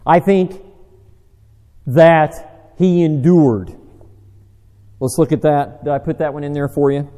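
A man's voice: a little high, slow, long pauses, dark tone. A man preaching a conversational sermon, quizzing his listeners and poking fun at himself. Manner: chatty, asks the audience questions, dry self-deprecating humor. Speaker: preacher teaching a Bible study. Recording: long reverb of a large hall.

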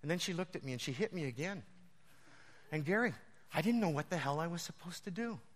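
A male pastor preaching a storytelling sermon, animated and often laughing as he tells his stories. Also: a little high, fairly quick. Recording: long reverb of a large hall.

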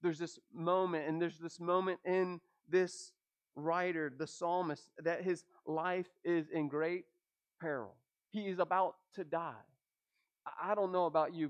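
A man preaching a sermon, asking rhetorical questions and dropping his voice low at the ends of phrases. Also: dull audio. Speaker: pastor.

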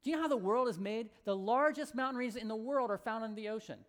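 A woman pastor giving a sermon as animated, conversational storytelling. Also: on the high side, fast.

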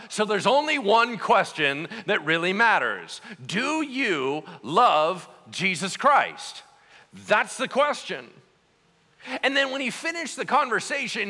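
Male pastor, sermon, conversational, high pitch, long hall reverb. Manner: animated, conversational preaching, asks the congregation questions.

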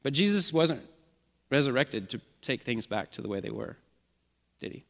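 A male pastor delivering a sermon in an earnest, measured voice of middling pitch, circling back to key phrases for emphasis. His words ring out with a long reverb tail, as if recorded in a church sanctuary. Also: lively intonation, gravelly. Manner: earnest, repetitive preaching cadence.

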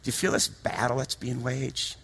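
A man preaching a sermon with passion, dropping to a hush and then rising to shouts. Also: medium pitch, little pitch movement, normal speed, gravelly, slightly rough. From United States. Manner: impassioned, swings from hushed to shouting.

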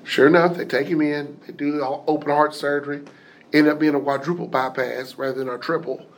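Man, personal storytelling, animated, acts out quotes, somewhat high pitch. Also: fairly quick.

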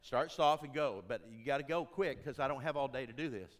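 A man's voice: medium pitch, fairly quick. A man from Tennessee speaking in a church as an interim ministry consultant, folksy and joking, repeating phrases for emphasis. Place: church sanctuary.

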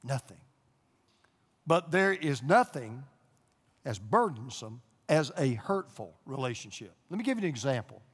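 An older male pastor preaches a sermon in a church auditorium, addressing people there and watching online. His mid-range, husky voice has a sing-song lilt and a measured pace, and he tells folksy stories, driving points home through emphatic repetition. A long reverb tail follows his words.

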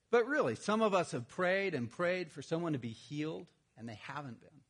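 A man's voice: a little high, expressive, moderate pace, few pauses, a bit bright, breathy edge. A man preaching a sermon, telling a humorous personal story and then addressing the congregation. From Texas. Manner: storytelling, self-deprecating humor. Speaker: pastor.

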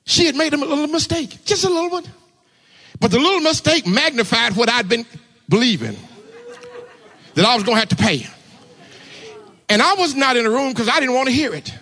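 A man preaching with a high, bright, forceful voice. He tells a personal story in sermon style and keeps urging the congregation to answer him. His delivery is animated and breaks into sudden shouts. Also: brisk, long pauses. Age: adult, married. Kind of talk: sermon testimony.

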